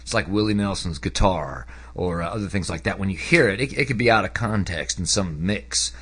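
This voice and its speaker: A man talking casually about a book he read, rambling with lots of fillers, his voice jumping up when he gets excited. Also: low voice, brisk, husky. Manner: animated, voice jumps up when excited. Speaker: book reviewer. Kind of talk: casual spoken book review.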